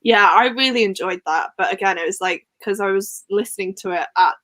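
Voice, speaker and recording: A woman's voice: mid-range voice, brisk, a bit bright, no room sound. A young woman chatting casually on a video call, telling stories with frequent laughs. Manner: chatty, laughs often, storytelling. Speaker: book club co-host. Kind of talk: casual chat.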